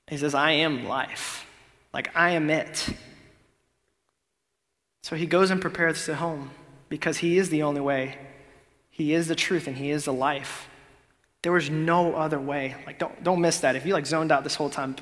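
Young guy preaching, casual and chatty, slightly high voice, big echoey hall. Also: creaky. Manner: casual youthful preaching, dropping to a hush for emphasis. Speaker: pastor. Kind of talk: sermon. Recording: long hall reverb.

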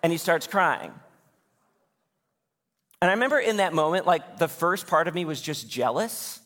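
Lively pastor in echoing church. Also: male voice, fairly high pitch, normal speed. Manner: conversational, lively preaching with casual asides. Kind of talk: sermon. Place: church sanctuary.

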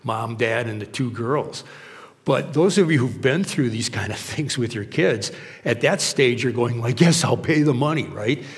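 A man's voice: mid-range voice, measured pace, long reverb tail. A male pastor preaching a conversational sermon, telling stories and acting out what people say. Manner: conversational and anecdotal, acting out quotes.

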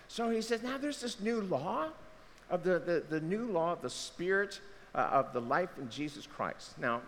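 A man preaches in an easy, conversational way, acting out the voices of the people he quotes. His fairly high voice climbs and drops a lot. It rings with long reverb, like a big hall, over a faint background hiss. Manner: conversational, acts out quotes with lively pitch swings. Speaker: pastor. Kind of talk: sermon.

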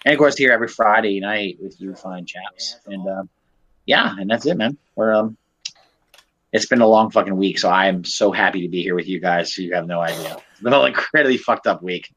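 Low-voiced man chatting loosely, swearing. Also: brisk, fairly bright tone, slightly rough, no room sound, highs cut off. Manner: loose, profane, rambling with fillers. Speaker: podcast regular. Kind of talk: casual chat.

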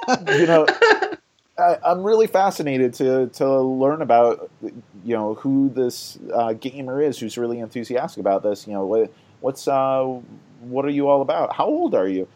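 A man's voice: medium pitch, animated, normal speed, dark tone. A man hosting a board game podcast, chatting casually and rambling with many fillers and laughs.

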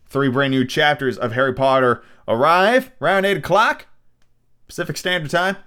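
Profane, ranting podcast host man. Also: medium pitch. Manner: energetic, profane, rambling and self-mocking. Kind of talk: casual podcast rant.

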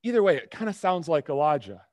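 A man's voice: on the high side, very animated, fast, dry recording. Dry-sounding male pastor preaching casually. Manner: conversational, repeats words, asks the room "okay?". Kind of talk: sermon.

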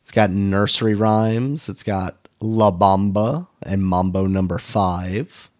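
A man's voice: lowish voice, steady tone, slow pace, darkish tone. A man in his thirties co-hosting a podcast, laid-back and dry in casual chat, chuckling often. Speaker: podcast co-host.

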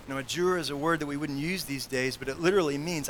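A man preaching a sermon in an earnest manner, growing loud on key points and dropping to quiet asides. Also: on the high side, fast, few pauses, a little hiss or hum, poor audio. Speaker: pastor.

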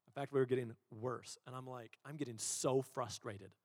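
A man preaching a sermon as a pastor, telling stories in an animated way and acting out the quotes. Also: mid-range voice, normal speed, no room sound, studio quality, big-room sound. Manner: animated storytelling, acts out quotes.

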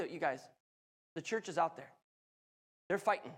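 A man preaching a sermon and reading scripture aloud, telling stories with passion that climbs into loud excitement. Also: on the high side, a little slow, long pauses. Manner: impassioned storytelling, rising to loud excitement. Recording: long hall reverb.

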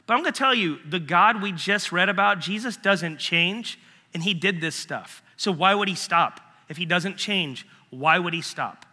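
A man's voice: high voice, expressive, normal speed, sharp tone, big-room sound. A man giving a casual, story-driven sermon, acting out conversations as he retells them. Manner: storytelling, acts out both sides of a dialogue. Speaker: preacher.

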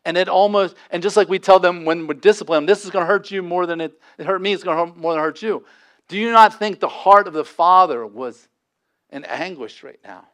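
A man preaching a sermon as pastor, impassioned, with dramatic pauses and sudden drops to a hush. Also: sits high.

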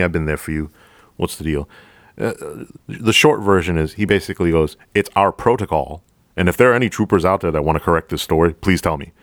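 A man hosting a podcast, a police officer telling a story from the job in a profane, animated way, acting out both sides of the dialogue. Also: very deep voice, dry recording. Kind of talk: storytelling monologue.

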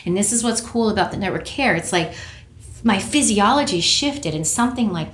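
A woman speaking as a practitioner in a conversational interview, earnest and reflective, and lively when she tells a story. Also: medium pitch, normal speed. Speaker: network care practitioner, guest. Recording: roomy echo.

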